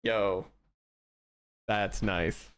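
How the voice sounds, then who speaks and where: A young man live-streaming as he codes, talking casually to his chat, laughing often and thinking out loud with restarts. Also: fairly low pitch, steady tone, drawn-out words.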